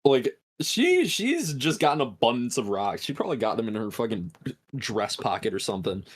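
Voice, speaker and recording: A man's voice: medium pitch, sing-song, moderate pace, husky. A man hosting a podcast, recapping a film in a casual, swearing storytelling style. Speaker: podcast host.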